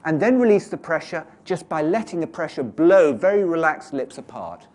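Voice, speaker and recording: A man's voice: a little high, animated, normal speed, a little mellow. A man, teaching pronunciation and demonstrating sounds aloud as he explains.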